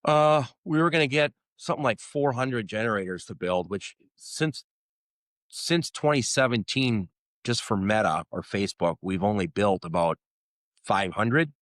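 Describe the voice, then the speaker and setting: A man's voice: on the low side, normal speed, a bit bright, no echo. A middle-aged man, co-hosting a podcast in a casual, rambling chat with dry self-deprecating jokes. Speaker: podcast co-host.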